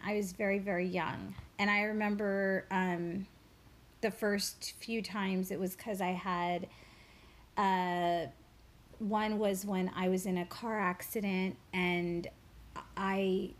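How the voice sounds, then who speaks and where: A woman's voice: medium pitch, fairly even intonation, takes it slowly. A woman guest in an interview, a spiritual teacher, talking earnestly and reflectively about her faith and a childhood memory, with fillers and repeated words. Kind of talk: personal storytelling in an interview.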